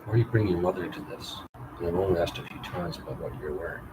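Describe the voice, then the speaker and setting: A man's voice: sits low, very fast. A man reading and editing his own story aloud live, wry, profane and self-mocking. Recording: loud background noise.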